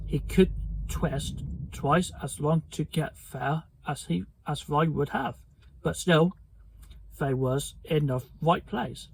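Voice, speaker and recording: A man reading a children's book aloud, slowly and carefully, stumbling over words now and then. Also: fairly high pitch, vocal fry, darkish tone, slight background noise, rough recording. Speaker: storybook reader.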